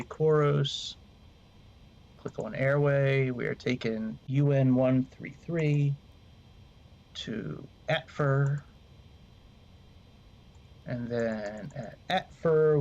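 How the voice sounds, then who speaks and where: A man's voice: medium pitch, darkish tone. Profane, rambling male streamer, muffled mic. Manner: rambling, swears freely, talks to chat. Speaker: flight sim streamer. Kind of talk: casual gameplay commentary.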